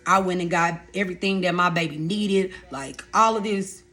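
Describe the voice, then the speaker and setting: Woman in her thirties, storytelling vlog, animated and direct with her viewers. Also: on the low side, moderate pace, a little hiss or hum. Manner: animated, addresses viewers as y'all and baby. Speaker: vlogger telling her life story.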